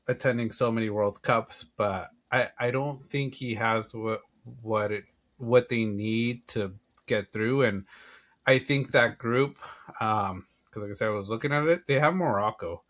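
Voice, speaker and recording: A man's voice: on the low side, a little slow, a bit bright. A man co-hosting a sports podcast, chatting casually about soccer predictions with frequent restarts. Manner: easygoing, frequent "yeah" and restarts. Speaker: podcast co-host.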